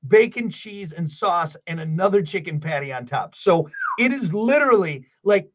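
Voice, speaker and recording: A man hosting a morning radio show, bantering in an animated, jokey way, swinging between loud outbursts and quiet asides. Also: high-pitched, normal speed, muffled recording. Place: radio studio.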